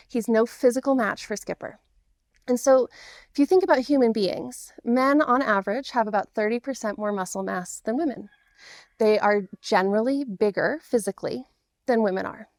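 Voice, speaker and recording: A woman's voice: fairly high pitch, normal speed, darkish tone, no echo, clean studio sound. A middle-aged woman coaching men through divorce, explaining patiently and earnestly in a direct-to-camera talk.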